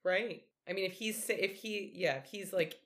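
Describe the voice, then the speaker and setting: A woman's voice: medium pitch, normal speed. A woman co-hosting a podcast, reacting to the story with jokes and sarcastic asides. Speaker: podcast co-host. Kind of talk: casual podcast chat.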